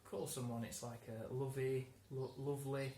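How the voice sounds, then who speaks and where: Relaxed man explaining words in a roomy room. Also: medium pitch, moderate pace, a little hiss or hum. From England. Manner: relaxed, explains with examples, often restarts and laughs. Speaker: English teacher. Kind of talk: conversational lesson. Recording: roomy room, faint ambience.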